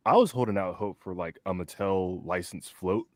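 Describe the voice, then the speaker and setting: A young man co-hosting a fan podcast, chatting casually with lots of "like" and "um" and quick laughs. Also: low-pitched, no room sound. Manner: rambling, many fillers and restarts, laughs easily. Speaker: podcast co-host. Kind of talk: casual chat.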